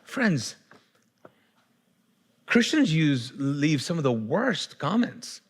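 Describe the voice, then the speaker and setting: A man's voice: a little high, very animated, drawn-out words, husky. A male pastor preaching a sermon in a conversational way, often restarting his sentences and building up fervor.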